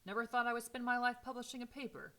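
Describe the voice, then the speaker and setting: A woman voicing an energetic man of about seventy who owns a small-town newspaper, with a high-pitched voice and a folksy, blunt manner. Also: fast talker. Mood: hearty.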